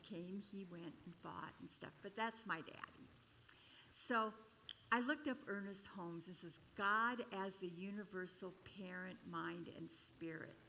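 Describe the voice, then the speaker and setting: An older woman minister telling a personal story in a chatty, expressive sermon at a church service. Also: a little hiss or hum, low-quality recording. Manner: chatty and expressive, with sudden jumps in pitch and loudness.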